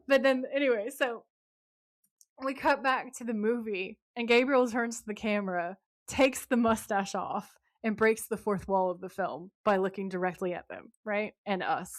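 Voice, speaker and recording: A woman's voice: medium pitch, moderate pace, no echo, clean studio sound. Chatty American woman recapping a show. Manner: animated storytelling, laughs often. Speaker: podcast co-host. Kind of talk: casual recap chat.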